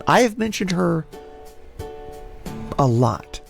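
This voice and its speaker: Gravelly guy cohosting a podcast, swears a lot, voice jumps all over. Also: high voice, slow pace, soft background music. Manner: profane, animated news recapping. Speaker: podcast host. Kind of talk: casual chat.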